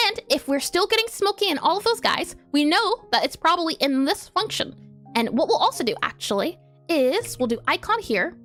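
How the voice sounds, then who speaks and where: High-pitched giggly woman developer streaming, walks through her debugging aloud, faint music underneath. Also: bright, forceful tone. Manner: giggly, explains step by step while thinking aloud. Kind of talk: casual live coding stream.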